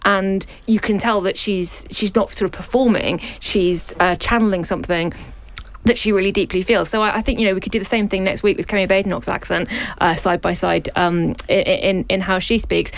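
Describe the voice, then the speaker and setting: A woman from North London giving her view on a radio panel, thoughtful and quick. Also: medium pitch, steady tone, dry recording, rough recording. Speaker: panel guest.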